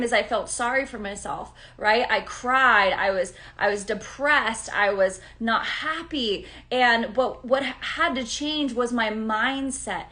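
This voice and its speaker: A woman's voice: a little high, sharp tone. A woman astrologer chatting casually on a live stream, greeting viewers by name and often checking in with her audience.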